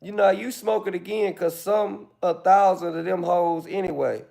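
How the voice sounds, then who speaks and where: A man's voice: sits high, steady tone, normal speed, gravelly, darkish tone. A man hosting a live stream, sassily and theatrically roasting a commenter in mock-pleading asides. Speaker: livestreamer.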